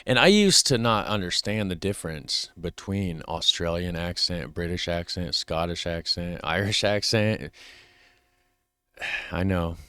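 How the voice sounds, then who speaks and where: American male reaction host: deep, crisp-toned, dry mic, loose rambling delivery. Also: expressive, takes it slowly, sharp tone, no echo. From United States. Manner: chatty, trails off and restarts mid-thought. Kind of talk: casual reaction commentary.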